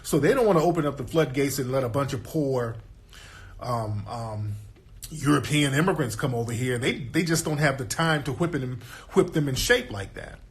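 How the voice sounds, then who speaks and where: A man's voice: mid-range voice, normal speed. A man speaking as a guest in a casual monologue, emphatic and streetwise, often cursing and asking the listener for agreement. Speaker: guest commentator.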